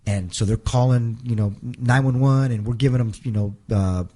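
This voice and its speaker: A man being interviewed, recounting events in a halting way, repeating his words as he relives each moment. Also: mid-range voice, mellow. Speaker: guest, wrestler. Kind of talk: casual storytelling interview.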